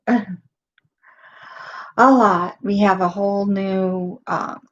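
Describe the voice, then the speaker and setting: Middle-aged woman hosting a casual live stream, hoarse from losing her voice, halting delivery, dull lo-fi sound. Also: medium pitch. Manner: halting, with many pauses and ums.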